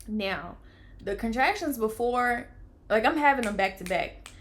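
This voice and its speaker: A young woman tells her own story, casual and animated. She acts out the voices of the people around her and drops to a near whisper when she sounds worn out. Her voice sits at a middle pitch. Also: normal speed. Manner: animated, acts out quoted lines, swings from loud to hushed. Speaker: vlogger telling her birth story.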